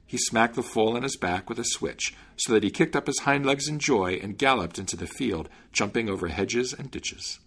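A man narrating a fairy tale in an expressive, lively reading style. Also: mid-range voice, moderate pace, hardly any pauses, husky. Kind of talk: storybook narration.

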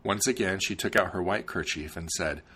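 Husky man reading a fairy tale. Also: sits low, normal speed, bright, forceful tone. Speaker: narrator. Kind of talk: storybook narration.

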